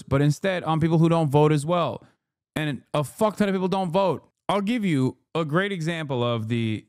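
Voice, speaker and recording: A man rants through political commentary on a livestream, firing off profanity and jabs at his chat in quick, combative bursts. His voice sits fairly high for a man, and the sound is dry and close with no room around it. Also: no room sound. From lives in California. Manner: profane, combative, rapid-fire. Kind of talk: ranting reaction commentary to live chat.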